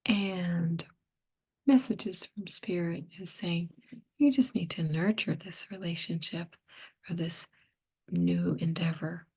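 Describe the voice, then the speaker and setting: A middle-aged woman giving a tarot reading, hoarse and losing her voice, half whispering in a gentle, musing way. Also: fairly low pitch, slow pace. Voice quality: breathy, partly whispered. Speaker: tarot reader.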